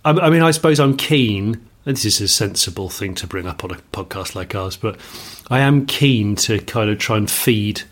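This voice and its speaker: A man's voice: fairly low pitch, expressive, normal speed, few pauses. A middle-aged man from England co-hosting a podcast, talking enthusiastically in rambling casual chat. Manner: rambling, enthusiastic, many restarts. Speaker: podcast co-host.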